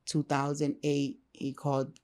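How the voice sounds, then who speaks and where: A woman's voice: low-pitched, a little slow. Middle-aged New woman telling her story. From Brooklyn, New York. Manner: animated, acts out others' lines, slangy and informal. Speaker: guest. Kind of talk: candid personal storytelling.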